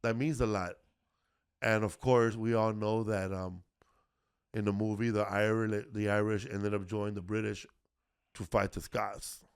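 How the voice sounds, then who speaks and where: A man's voice: on the low side, flat delivery, a little slow, clear, resonant tone. Rambling, profane man hosting a podcast. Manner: rambling, profane, many fillers and restarts. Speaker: podcast host. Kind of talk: casual comedic history chat.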